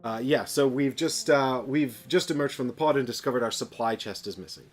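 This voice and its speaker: A man reading out a board game's story on his own, stopping often to make fun of himself. His voice sits at an ordinary pitch and falls quiet during the asides. Faint music plays underneath. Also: a little fast, hardly any pauses. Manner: hesitant, self-deprecating, full of asides. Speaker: solo player narrating a board game. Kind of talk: casual narration of a tabletop game.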